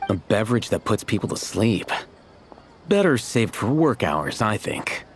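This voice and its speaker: An actor playing an aloof, dry scholar who speaks curtly and deadpan. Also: male voice, lowish voice, a little slow. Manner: deadpan, curt. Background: game music.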